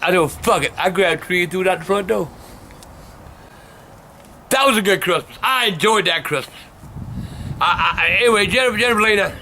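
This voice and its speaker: High, bright-voiced older man. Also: brisk, pauses often, a little hiss or hum. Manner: cursing constantly, bursts into shouting. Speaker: vlog host telling stories. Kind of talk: profane storytelling rant.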